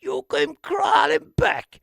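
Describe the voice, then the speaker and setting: An Irish man voicing a jilted, sneering talking hoodie that taunts in loud bursts. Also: slow pace, no echo, in a whisper, studio quality. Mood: taunting. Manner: mocking, taunting, shouted bursts.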